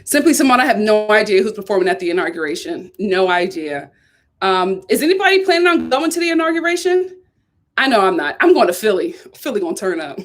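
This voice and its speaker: A woman from Philadelphia hosting a casual live stream, chatty and animated, repeating herself and laughing often. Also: medium pitch, a little fast.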